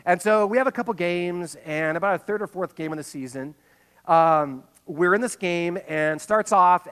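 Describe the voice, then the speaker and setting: A man preaching a sermon as pastor, telling stories with big swings between hushed and loud. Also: high-pitched.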